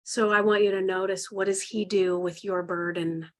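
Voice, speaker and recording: A woman's voice: mid-range voice, flat delivery, normal speed. Earnest woman guiding a spiritual class. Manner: earnest, gently guiding, emotional. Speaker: spiritual healing teacher. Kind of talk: live online guided spiritual class. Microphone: video call microphone.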